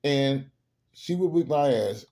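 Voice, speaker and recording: Mellow, animated man telling stories. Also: medium pitch, slow. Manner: animated, emphatic, profane humor. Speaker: host. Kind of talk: casual storytelling monologue.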